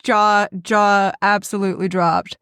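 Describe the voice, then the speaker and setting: A woman's voice: medium pitch, flat delivery, unhurried, a bit bright, smooth, no room sound, studio quality. Blunt swearing woman at a game table. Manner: profane, blunt. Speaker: player. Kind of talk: casual tabletop game play.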